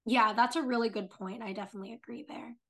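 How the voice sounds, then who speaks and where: A woman's voice: a little high, fast, bright, forceful tone. A woman co-hosting a podcast, recapping a TV episode in casual chat and swearing freely. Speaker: podcast co-host.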